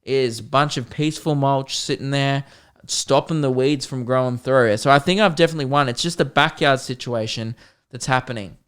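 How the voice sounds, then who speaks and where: A man, hosting a podcast and telling a comedic story in an animated, mock-dramatic way with plenty of swearing. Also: medium pitch, a little fast, clear, resonant tone. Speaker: podcast host.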